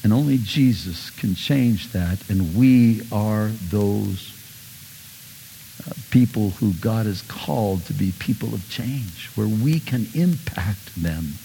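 A male pastor preaching a sermon, animated, swinging between loud bursts and soft asides. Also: on the low side, takes it slowly, vocal fry, long reverb tail, slight background noise.

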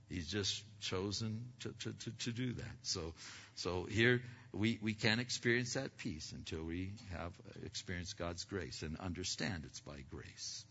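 A man's voice: fairly low pitch, lively intonation, moderate pace, pushed and bright, big-room sound, dull audio. A man preaching a sermon as pastor, often asking the congregation questions and using many "uh" fillers.

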